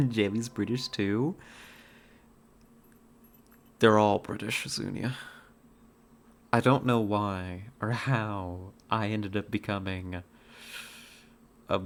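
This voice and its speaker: A woman's voice: extremely low pitch, drawn-out words, pauses often. A woman streamer chatting casually with her chat while playing a hunting game, rambling with many fillers and restarts.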